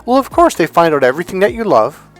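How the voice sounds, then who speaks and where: A man speaking as a relationship coach in a motivational monologue, emphatic and animated, often acting out other people's voices. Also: sits high, fast.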